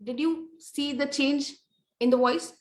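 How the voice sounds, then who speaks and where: A woman with an Indian English accent giving a lecture on presentation skills, explaining in a measured way with frequent fillers. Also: high voice, steady tone, echoey room.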